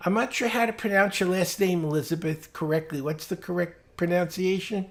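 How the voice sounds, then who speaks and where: Over a video call, a woman runs a small club's business meeting, speaking informally and a bit hesitantly as she reads through her calendar out loud. Her voice is lowish and her pace brisk.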